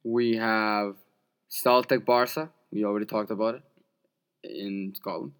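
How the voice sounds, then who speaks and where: In a lowish, clear, resonant voice with fairly even intonation and a measured pace, a young man co-hosts a podcast. The talk is relaxed sports-betting chat as he goes over games and picks, laughing along the way.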